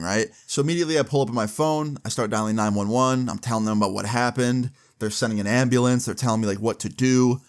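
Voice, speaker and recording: Brief: young guy, mid-pitched, casual storytime vlogger, swears a lot. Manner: animated, casual, swears freely. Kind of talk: storytime vlog.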